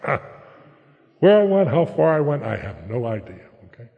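A man's voice: medium pitch, very animated, moderate pace, creaky. Older man from Pittsburgh area, blunt recovery-meeting speaker, keeps asking "okay?"; echoey hall, dull lo-fi. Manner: blunt, plain-spoken, tags lines with "okay?". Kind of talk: personal recovery testimony.

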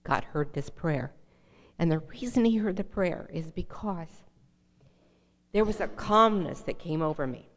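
A woman's voice: lowish voice, lively intonation, a little slow, in a large hall. A middle-aged woman telling her personal recovery story to an audience, earnest and direct, often asking listeners questions. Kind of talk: personal testimony talk.

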